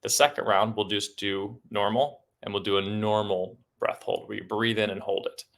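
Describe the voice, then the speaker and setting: A man's voice: lowish voice, steady tone, moderate pace, fairly bright tone. A man guiding a breathwork session, giving encouraging instructions and rhythmic breath cues. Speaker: breathwork coach.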